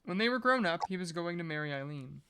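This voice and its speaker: A podcast reader reading a novel aloud at a measured pace, breaking off now and then for casual joking asides. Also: mid-range voice, animated, bright, forceful tone, a little hiss or hum.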